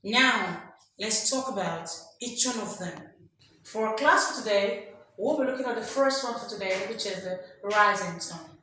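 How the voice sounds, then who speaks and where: A woman's voice: mid-range voice, normal speed, pushed and bright. A woman teaching an English lesson, emphatic, drilling examples aloud and quizzing her listeners. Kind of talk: classroom lesson. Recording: strong echo, faint background noise.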